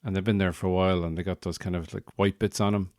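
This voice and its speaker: Deep-voiced Irish man telling a comic story. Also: little pitch movement, quick pace, darkish tone, no room sound, clean studio sound. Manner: rambling, digressive, wry. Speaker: podcast host.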